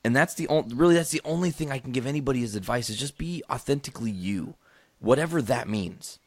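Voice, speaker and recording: A man's voice: medium pitch, animated, fast talker, no room sound. A man hosting a podcast in casual chat, swearing freely and confidently giving advice. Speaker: podcast host.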